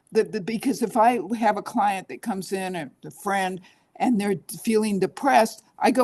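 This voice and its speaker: A woman's voice: medium pitch, a little slow, darkish tone. A woman therapist being interviewed, talking earnestly and coaching, often acting out her clients' inner voices. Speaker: guest therapist. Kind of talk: interview conversation.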